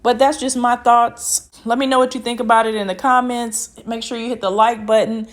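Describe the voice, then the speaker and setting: A woman who runs her own channel, giving calm, reflective commentary that encourages. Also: on the high side, a little fast. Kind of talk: commentary to camera.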